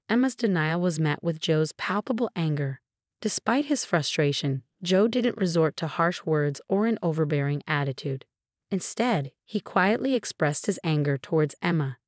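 Lowish dry female story narrator. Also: animated, moderate pace, no room sound. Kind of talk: scripted first-person story narration.

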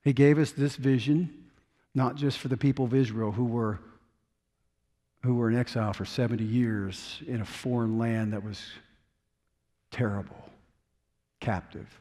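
A man pastor preaching a sermon, swinging from loud urging to hushed, quiet intensity. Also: medium pitch, steady tone, unhurried, pauses often, big-room sound. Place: church sanctuary.

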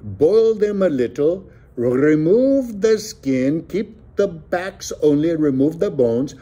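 A man's voice: a little high, lively intonation, slow pace, dark tone, muffled recording, pitched above the performer's own voice. A man playing a grand, theatrical bandit. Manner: grand, stagey delivery. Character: proud graceful bandit leader man, theatrical. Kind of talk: audiobook character voice.

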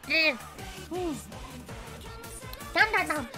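A woman's voice: high-pitched, lively intonation, slow pace, gravelly, pauses often. A young woman hosting a casual livestream, chatting in a bubbly, rambling way at her home desk. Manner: bubbly, rambling, heavy "like" and "freaking". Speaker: livestream host. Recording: faint music behind.

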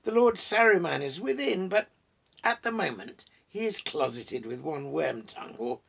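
Guy reading as a cheeky hobbit, all mock courtesy, husky voice. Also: a little high, lively intonation, moderate pace, a bit bright, exaggerated voice. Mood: mock-formal. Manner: mock-formal, gravely courteous. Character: young male hobbit, cheeky and polite.

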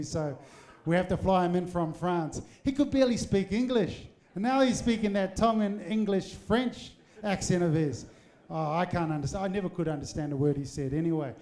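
A male host fronts a supporters' evening in a packed hotel function room, speaking a little fast in a high-pitched, darkish voice into a handheld microphone. The faint crowd hears a jokey, rousing address sprinkled with teasing asides.

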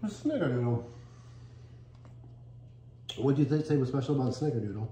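A man hosting a casual tasting video, upbeat and chatty, often talking with a mouthful. His voice sits at an ordinary middle pitch. It bounces around an echoey room with a faint hum of background noise. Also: very animated, a little fast, warm tone. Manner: upbeat, chatty, talks while chewing. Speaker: cookie reviewer, channel host.

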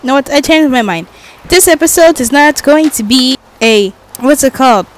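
A woman's voice: sits high, animated, moderate pace. A woman giving casual, jokey commentary while playing a game, chatting to herself and swearing now and then. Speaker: gaming vlogger.

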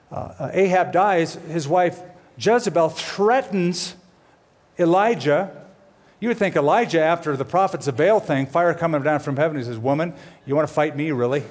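Man preaching, middle-aged, fairly high voice, animated storyteller, dramatic swings when quoting characters. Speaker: pastor. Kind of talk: sermon.

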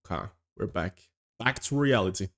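A man's voice: lowish voice, lively intonation, normal speed, a bit bright, soft background music. A man streaming a game, chatting casually and reading the on-screen text aloud. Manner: chatty, reacts aloud, mumbles asides.

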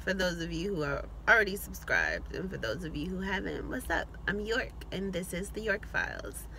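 A woman's voice: lowish voice, very animated, moderate pace, bright, forceful tone, slight background noise. A woman hosting a casual eat-with-me vlog from inside her car, still sick with the flu, chatty with joking asides. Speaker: vlogger.

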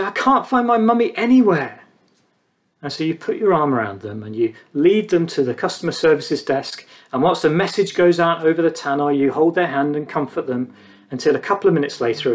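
A man preaching a sermon, earnest, pausing between phrases and dropping low on key words.

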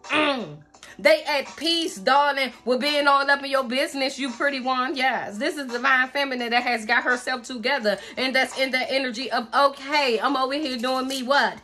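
A woman with a high, bright voice gives a tarot reading. She talks in a sassy, emphatic way, drawing out her stresses and dropping pet names as she goes. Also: normal speed, soft background music. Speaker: tarot reader. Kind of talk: tarot reading channeling messages.

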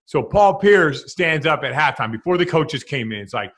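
A man hosting and telling an animated story, laughing as he talks. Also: on the high side, moderate pace, husky. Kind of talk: casual storytelling.

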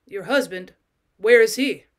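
A woman's voice: a little high, unhurried, natural voice. A woman reading as a mocking bus conductor. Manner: bantering, dismissive.

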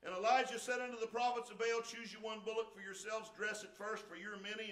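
A man preaching a sermon as pastor, reading scripture and building up to shouting. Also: high voice, fast. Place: church sanctuary. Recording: echoey church sanctuary.

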